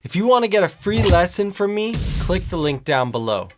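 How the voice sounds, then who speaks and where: A man's voice: high voice, big pitch swings, fairly quick. Admiring male vocal coach, faint music behind. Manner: admiring, analytical, explains technique. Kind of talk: song reaction commentary. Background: faint music from the played clip.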